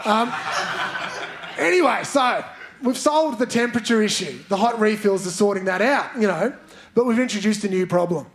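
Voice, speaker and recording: A man with a fairly high voice works the room as a stand-up comedian, playfully teasing audience members. It is a live theatre recording with audience noise clearly audible behind him. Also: expressive, moderate pace. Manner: playful, banters with audience members, leads chants. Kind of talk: stand-up comedy with crowd work. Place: large theatre stage. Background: audience laughter.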